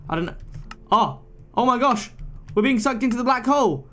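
Animated young guy narrating a game. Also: moderate pace, a little hiss or hum. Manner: chatty and playfully dramatic, swooping in pitch. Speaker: gaming channel host. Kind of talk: relaxed let's-play commentary. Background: faint game music.

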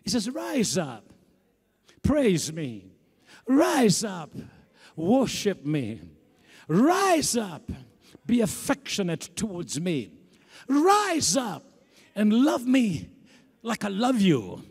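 A preacher with a strikingly high voice shouts his sermon across a big church hall, and the sound rings with long reverb. He speaks slowly and fervently, and his pitch swings widely as he rises to shouts and drops low again. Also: wildly swooping pitch, breathy edge. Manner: fervent, shouting calls to rise up. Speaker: apostle preaching.

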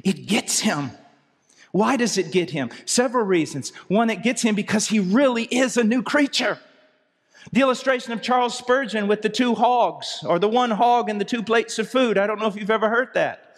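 A man preaching a sermon with fervent intensity, swinging between low, quiet passages and raised, urgent cries. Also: moderate pace. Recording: hall reverb from a live sermon.

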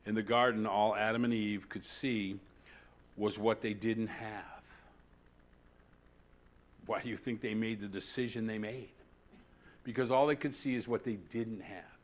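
Animated preaching man, loud to hushed. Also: on the low side. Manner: repeats "See?" to the congregation. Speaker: pastor. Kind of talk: sermon.

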